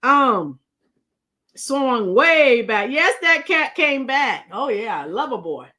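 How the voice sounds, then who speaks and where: A middle-aged woman hosting a casual livestream, chatting with commenters and breaking into song, her voice a bit strained from shouting. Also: high-pitched, big pitch swings, slow pace. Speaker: livestream host.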